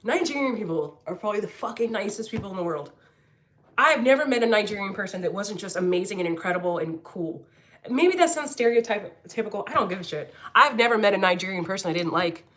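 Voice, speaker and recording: Woman streamer from Philly, Philadelphia accent, bright forceful tone, blunt and swears freely. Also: mid-range voice, expressive, quick pace. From Philadelphia, United States. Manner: blunt, profane, laughs often. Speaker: livestream host, angel medium. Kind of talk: casual livestream chat reading comments.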